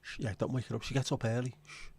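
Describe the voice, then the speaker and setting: A man putting on a hushed Irish voice. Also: mid-range voice, little pitch movement, fast talker, creaky, breathy edge. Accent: put-on Irish. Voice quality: hushed, soft-spoken. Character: hushing Irish man tucking someone into bed.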